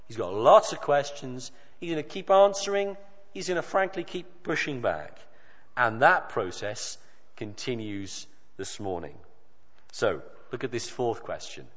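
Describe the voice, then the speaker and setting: A man delivers a sermon, slightly high-pitched and emphatic, pausing for effect and voicing the quotes he reads. The recording is dull and lo-fi, with a long reverb trailing each phrase as if in a church hall. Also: animated. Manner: emphatic, with dramatic pauses and quoted dialogue. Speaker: preacher.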